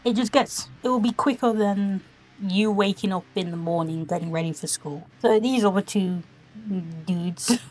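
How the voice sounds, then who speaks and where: A woman's voice: medium pitch, normal speed, darkish tone. A woman casually reviewing online videos, retelling the plot in a rambling, giggly, exclamatory way.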